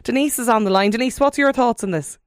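A woman's voice: on the high side, fast talker, dry recording, studio quality. An Irish woman hosting a radio phone-in, reading listener texts aloud and prompting callers with short questions.

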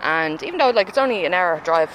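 A woman's voice: on the low side, animated, quick pace, fairly bright tone, slight background noise, low-quality recording. A woman with a Dublin accent, chatting in a street interview and laughing often. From Ireland.

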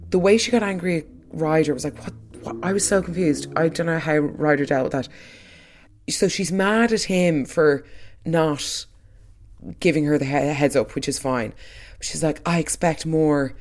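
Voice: mid-range voice, moderate pace, darkish tone. Podcaster chatting away about a soap, opinionated, lots of trailing asides. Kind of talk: casual recap of a soap episode.

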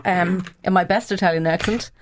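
Woman wine guest, slightly low voice, chatty and enthusiastic. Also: fairly even intonation, a little fast, slight background noise. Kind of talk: casual radio chat.

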